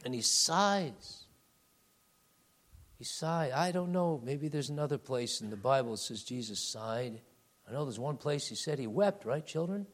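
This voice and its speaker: A man preaching a sermon to his congregation, calling them beloved and swinging between loud emphatic peaks and hushed, low asides. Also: lively intonation, unhurried.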